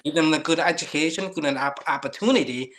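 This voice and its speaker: A man in his fifties from Thailand, whose first language is Lao, speaks earnest, slightly non-native English in a casual chat. His voice is fairly high and a bit bright, and he talks at a quick pace.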